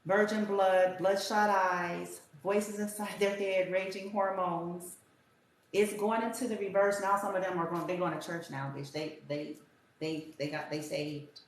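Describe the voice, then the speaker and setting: A woman's voice: lowish voice, steady tone, unhurried. A woman giving a casual tarot reading in a blunt, profane, rambling rant. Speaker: tarot reader. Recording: very echoey room with faint hiss.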